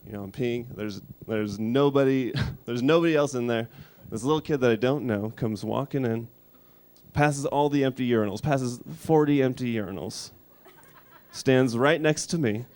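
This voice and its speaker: A man in his thirties from Colorado doing a stand-up set, delivering dark, absurd one-liners in a deadpan way. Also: medium pitch, moderate pace. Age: 30s. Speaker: stand-up comedian. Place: small studio.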